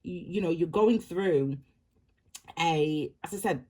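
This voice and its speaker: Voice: mid-range voice, slow pace, dark tone. A tarot reader giving a casual reading to the viewer, talking straight to them in a rambling way and repeating phrases over and over. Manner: reassuring, direct address to viewer.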